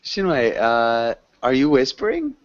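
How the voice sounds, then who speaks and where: A man's voice: medium pitch, a little slow, dry recording, muffled recording. A man teaching an online English class, chatting casually with students and rambling through fillers. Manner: relaxed, rambling, many fillers.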